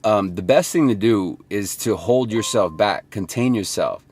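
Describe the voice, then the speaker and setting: Young male sales vlogger, loose and rambly, slightly low voice, recorded in his car. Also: a little slow, a little mellow. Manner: casual, rambling, swears, acts out calls. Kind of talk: casual motivational talk.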